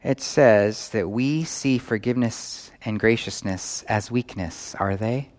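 A man's voice: fairly low pitch, takes it slowly. Man preaching with questions. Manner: asks the audience questions. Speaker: pastor. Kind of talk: sermon. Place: church in New York.

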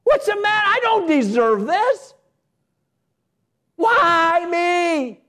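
A man voicing a self-pitying believer who complains to God in a high, drawn-out wail. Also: very animated, sharp tone, exaggerated voice. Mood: whiny.

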